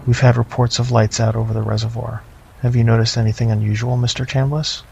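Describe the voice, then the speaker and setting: A man doing a flat, worn-out agent in a suit. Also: mid-range voice, fast, gravelly. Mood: flat, weary. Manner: flat, without rise or fall. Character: tired, flat-voiced male government agent. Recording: slightly dull lo-fi, faint noise.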